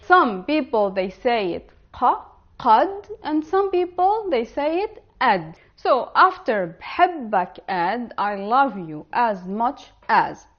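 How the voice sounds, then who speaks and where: A woman teaching an online language lesson, slowly and carefully pronouncing the example words. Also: medium pitch, muffled recording.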